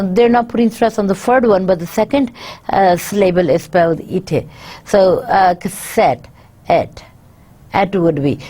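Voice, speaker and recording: A woman's voice: medium pitch, dark tone. A woman lecturing, reading each point and then explaining it again in her own words, with frequent fillers. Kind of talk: university lecture, reading and paraphrasing.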